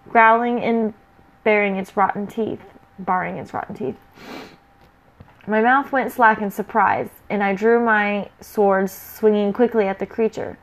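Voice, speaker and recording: A woman reading a first-person fantasy adventure story aloud in a lively, playful way. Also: medium pitch.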